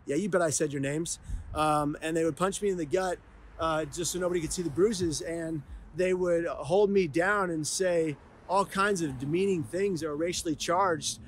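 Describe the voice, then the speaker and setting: A man's voice: fairly high pitch, normal speed, slight background noise. A man in his thirties talking earnestly and emotionally in a personal vlog, heartfelt and confessional. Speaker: vlogger.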